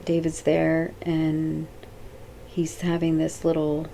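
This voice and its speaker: Brief: woman vlogger, rambling and off the cuff, dark gravelly voice, faint noise behind. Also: low voice, completely flat delivery, slow. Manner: rambling and off the cuff, with many fillers and restarts. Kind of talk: casual talk to camera.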